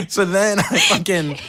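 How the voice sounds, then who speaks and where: Young male comic guest, bright and animated, acts out every character. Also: high-pitched, slight background noise. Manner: animated, laughs often, acts out voices in stories. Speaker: podcast guest, comedian. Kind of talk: casual comedic storytelling.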